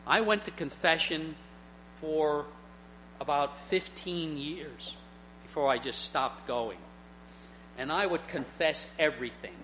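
High, bright-voiced preacher man. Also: slow pace, pauses often, slight background noise. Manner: earnest, personal storytelling with emphatic swells. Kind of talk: sermon.

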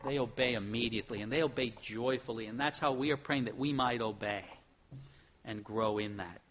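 A middle-aged man preaching a sermon in an earnest, emphatic way, moving between soft and loud. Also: medium pitch, normal speed. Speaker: pastor.

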